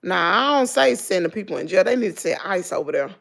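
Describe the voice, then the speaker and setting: Gravelly-voiced Southern woman chatting to viewers. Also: on the low side, quick pace. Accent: Southern American English. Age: middle-aged. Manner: animated storytelling, mimics her daughter, talks to viewers as "girl" and "y'all". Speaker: vlogger. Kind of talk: casual livestream chat.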